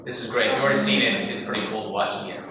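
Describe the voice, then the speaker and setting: A man's voice: medium pitch, fairly even intonation, racing, very noisy. Enthusiastic male coach in a roomy room. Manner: enthusiastic, chatty, laughs often, asks the room "right?". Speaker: real estate coach leading a group session. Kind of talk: energetic group coaching talk.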